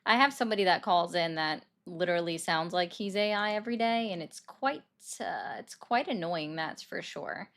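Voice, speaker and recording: A woman's voice: on the low side, moderate pace, hardly any pauses, a bit bright. A young woman, hosting a casual live stream, chatting with viewers and taking calls. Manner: chatty, reacts to viewer comments. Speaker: livestream political commentary host.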